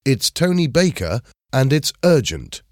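A man's voice: mid-range voice, sing-song, unhurried, no echo, studio quality, pitched above the performer's own voice. A man voicing a resourceful teenage schoolboy who speaks with earnest urgency.

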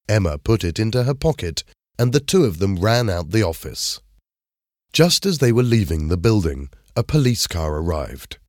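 A man reading a simple story aloud in clear, measured narration. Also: fairly low pitch, sing-song, darkish tone, no echo, clean studio sound. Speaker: storybook reader. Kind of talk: scripted narration of a graded reader.

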